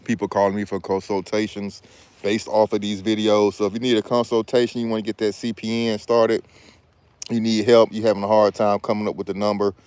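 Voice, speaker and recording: Laid-back man with a low voice, chatting outdoors. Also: flat delivery, fairly quick, a little mellow, clear, resonant tone, no echo. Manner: laid-back, slangy, rambling delivery. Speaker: business credit consultant and vlogger. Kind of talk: casual outdoor vlog chat. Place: outdoors in a backyard hammock. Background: faint outdoor ambience with passing planes.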